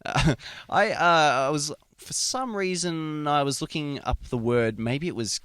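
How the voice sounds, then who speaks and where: A man with an Australian accent, co-hosting a casual podcast with quick jokes and laughter. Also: on the high side, fairly bright tone, clean tone, no room sound. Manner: joking, quick quips, laughs. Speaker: podcast co-host. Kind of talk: casual chat.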